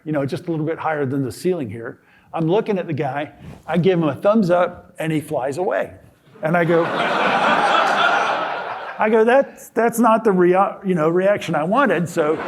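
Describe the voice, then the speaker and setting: A man in his sixties giving a casual talk in a lecture hall, telling a story with restarts and acted-out quotes. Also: on the high side. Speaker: guest speaker.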